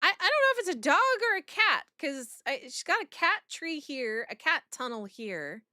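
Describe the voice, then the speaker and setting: A woman's voice: sits high, very animated, normal speed, bright, forceful tone, no room sound, clean studio sound. A woman streamer chatting through a game reaction in a blunt, profane, giggly way.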